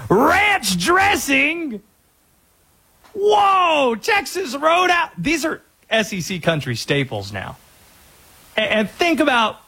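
Lively, husky-voiced male sports radio host. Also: mid-range voice, rough recording. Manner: energetic, opinionated, quick asides.

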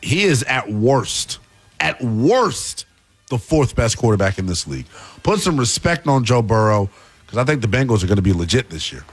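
A man giving animated sports analysis on a talk show, playful and emphatic. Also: moderate pace, breathy edge, soft background music. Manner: emphatic, playful, lively swings in pitch.

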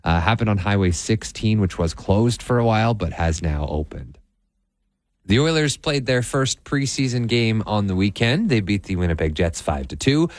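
A man from Canada reading morning radio news, steady with some dry humor and frequent fillers. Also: lowish voice, normal speed, no room sound. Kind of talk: news reading with casual banter.

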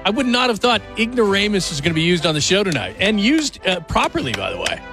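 A male radio show host reacting excitedly and enthusiastically to a caller in the studio. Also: sits high, quick pace, gravelly, over music. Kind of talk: sports talk radio.

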